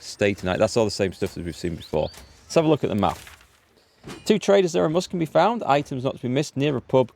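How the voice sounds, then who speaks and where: A man's voice: fairly low pitch, creaky, a little mellow, a little hiss or hum. A man streaming a game live from indoors at home, chatting in an upbeat way and thinking aloud as he plays. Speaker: gaming streamer.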